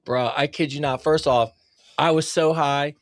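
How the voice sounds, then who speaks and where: A man's voice: fairly high pitch, steady tone, normal speed, dry recording, clean studio sound. A man in his forties co-hosting a podcast, telling a crude story in casual chat with laughs. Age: 40s. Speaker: podcast co-host.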